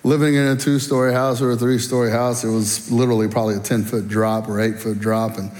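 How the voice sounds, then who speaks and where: A man's voice: mid-range voice, quick pace. A middle-aged man preaching a sermon, telling folksy personal stories and speaking straight to the congregation. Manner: folksy, animated storytelling, addresses the audience directly. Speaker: guest speaker at a church. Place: church auditorium. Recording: long reverb in a large hall.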